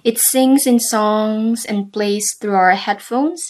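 A woman's voice: medium pitch, slow pace, darkish tone. A woman teaching an English lesson, stressing each word in her lists. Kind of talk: classroom lesson.

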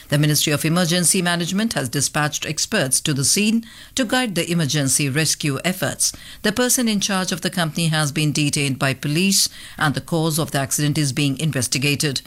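A woman reading international news bulletins in a measured, formal way as a radio newsreader. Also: sits low, a bit bright.

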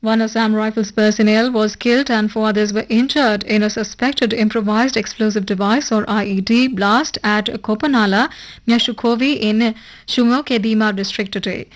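A woman reading a formal radio news bulletin in a measured, even broadcast delivery. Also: fairly high pitch, low-quality recording. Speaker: newsreader. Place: radio studio.

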